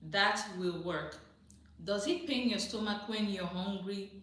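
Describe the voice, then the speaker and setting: A woman's voice: mid-range voice, measured pace, fairly bright tone. Chatty woman livestreaming in an echoey room. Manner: chatty, direct, laughs often, repeats advice for emphasis. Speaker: livestream host answering viewer questions. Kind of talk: casual live chat, reading and answering comments. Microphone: phone or computer mic on a livestream.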